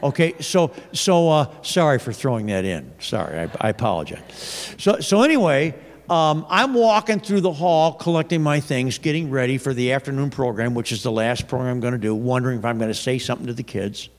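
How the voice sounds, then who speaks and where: A man's voice: mid-range voice, expressive, a little fast. A man preaching a sermon in a loose, conversational storytelling way, often restarting his sentences. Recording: long reverb of a large hall.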